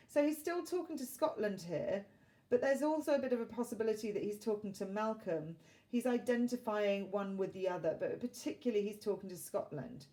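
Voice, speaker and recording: Woman teacher, mellow voice, dry measured lesson on a play. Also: medium pitch, animated. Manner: plain, measured, lightly dry delivery with fillers. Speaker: English literature teacher. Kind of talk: explaining a play line by line.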